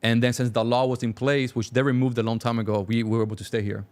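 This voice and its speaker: A young man from Cuba telling his life story as a talk-show guest, animated and acting out dialogue. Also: mid-range voice. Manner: fast, animated, acts out dialogue. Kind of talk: casual storytelling.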